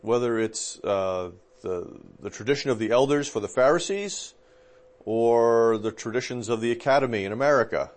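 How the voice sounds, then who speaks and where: A man teaching as a pastor, chatty and informal, often pausing on fillers and checking in with his listeners. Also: mid-range voice. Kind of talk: conversational teaching.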